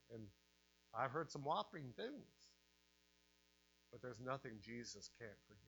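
Male preacher, bright and forceful delivery, higher voice, dramatic hushes and shouts, faint mains hum. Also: normal speed, dull audio. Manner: dramatic swings from hushed to loud. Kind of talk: sermon.

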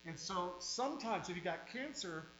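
A man's voice: sits high, animated. Male pastor, sermon in a church, punchy and emphatic; echoey room, faint hum. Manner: emphatic preaching with sudden swings in loudness and drawn-out words. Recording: roomy, dull sound with faint mains hum.

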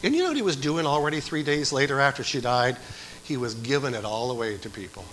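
A middle-aged man preaching a sermon as pastor, swinging from quiet talk to shouted exhortation. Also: medium pitch, lively intonation, fast talker, rough recording.

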